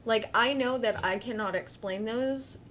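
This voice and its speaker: A woman in a casual podcast chat, talking in a thoughtful, measured way. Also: a little high, fairly bright tone, slight background noise, low-quality recording.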